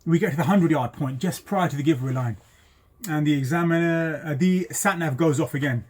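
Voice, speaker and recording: A man, a driving instructor telling a story in a lively way, full of ums and acted-out voices. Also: fairly high pitch, fairly quick, husky. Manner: animated, acts out voices, many ums. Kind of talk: casual storytelling.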